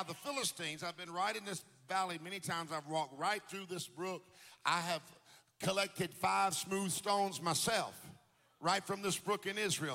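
A man preaching a sermon in church in a sing-song cadence that climbs into shouts. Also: sits high, creaky. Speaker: pastor. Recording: long hall reverb with faint music.

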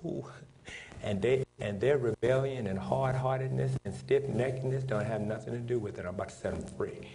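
A man preaching a sermon in plain, folksy speech, building to shouted emphasis and calling on the congregation to respond. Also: mid-range voice, moderate pace, gravelly, slight background noise. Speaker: pastor.

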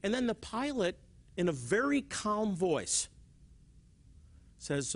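Man, Bible teacher, TV teaching, high voice, very lively pitch, animated storytelling. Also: slow, pauses often. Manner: animated, repeats words, acts out examples. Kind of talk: televised teaching with stories.

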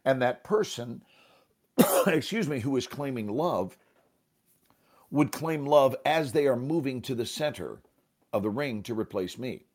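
Man, improv teacher, lively varied pitch, rhythmic chanting, casual talk. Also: slightly rough. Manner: animated, rhythmic chanting and snapping; occasional coughs, pauses to sip water. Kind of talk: conversational teaching.

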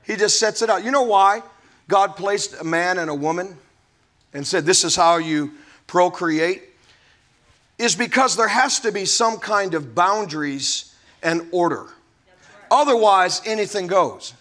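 Emphatic high-voiced male pastor preaching. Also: animated, unhurried, bright, forceful tone. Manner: emphatic preaching with folksy asides. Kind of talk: sermon.

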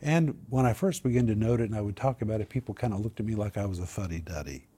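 A man's voice: fairly low pitch, fast, mellow, husky. A man teaching on Bible verses and word meanings, growing emphatic on key points. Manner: emphatic, builds to a raised voice on key words.

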